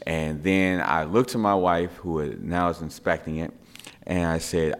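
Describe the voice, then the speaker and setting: A middle-aged man with a very low, deep voice tells a family anecdote in a relaxed, spoken way. He gets animated and repeats words for effect, like a father recounting a story at home. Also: moderate pace.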